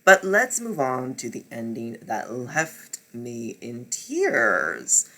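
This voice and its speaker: A man's voice: wildly swooping pitch, slow. A man casually reviewing books he read, telling it dramatically, swearing and repeating himself as he gets worked up. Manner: swings from low muttering to loud near-shouting. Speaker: book reviewer. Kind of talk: casual book wrap-up vlog.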